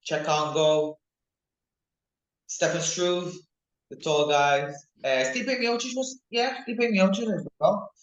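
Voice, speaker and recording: A young man, a mixed martial arts fighter, talking casually and excitedly in an interview, rambling from one thought to the next. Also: fairly high pitch. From United Kingdom. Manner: rambling, excitable, animated when recalling fights. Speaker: MMA fighter, interview guest. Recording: echoey room.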